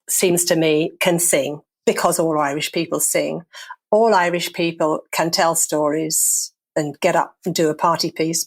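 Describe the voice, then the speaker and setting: An older woman from London, a guest actor and playwright telling stories in a relaxed interview, wry and self-mocking, often laughing. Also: mid-range voice. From London, England. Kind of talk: casual interview storytelling.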